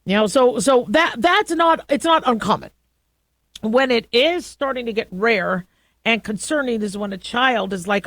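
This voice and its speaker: A woman's voice: fairly high pitch, unhurried, dry recording. A middle-aged woman hosting a radio talk show, chatting casually and telling stories with lots of fillers. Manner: chatty, animated storytelling with frequent fillers.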